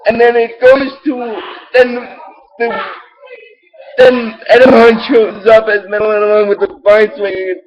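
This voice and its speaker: A man hosting his own show, rambling through an excitable recap with many restarts. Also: high voice, measured pace, lo-fi sound. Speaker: show host recapping episodes.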